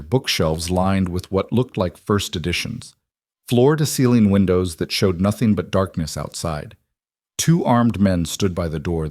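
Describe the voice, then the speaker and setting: Man, low voice, scripted story narration, measured, dry close recording. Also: a little mellow, no room sound.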